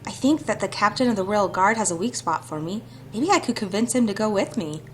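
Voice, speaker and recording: A woman's voice: mid-range voice, expressive, fairly quick, slight background noise, close to an everyday voice. A woman reading aloud the lines of a young heroine who longs to escape her stepmother, in an earnest, reflective way. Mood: resolute. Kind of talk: reading visual novel dialogue aloud.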